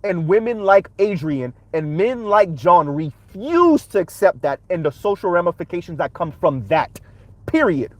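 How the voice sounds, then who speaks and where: A man's voice: high-pitched, very animated, moderate pace, no echo. A man hosting a reaction commentary, talking emphatically and punctuating his points with rhetorical "right?"s. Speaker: commentary channel host.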